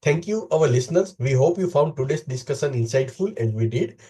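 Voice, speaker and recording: A man hosting a podcast, asking formal, polite interview questions in a measured way. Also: a little high, animated, dark tone, husky. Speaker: podcast host.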